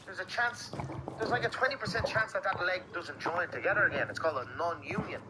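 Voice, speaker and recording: A man answering interview questions in a fairly high-pitched voice, blunt and profane, stumbling over repeated words. The clip carries a steady hiss of background noise. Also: brisk. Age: adult with young children. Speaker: professional fighter interviewee. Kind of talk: candid interview talk.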